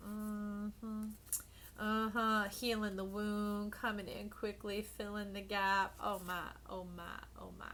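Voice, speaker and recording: A woman reads tarot cards for her viewers in a bright, forward voice. She is playful and animated, slipping into soft whispers and calling everyone "baby" and "y'all". Her delivery is casual and chatty. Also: mid-range voice, slow, slight background noise. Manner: calls listeners "baby" and "y'all". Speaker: tarot card reader. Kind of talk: casual tarot reading to camera.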